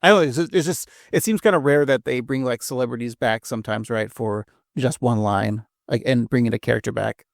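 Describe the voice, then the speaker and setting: A man co-hosting a podcast in relaxed, rambling chat, laughing often. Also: mid-range voice, brisk, creaky, few pauses, no echo, studio quality. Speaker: podcast co-host. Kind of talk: casual chat.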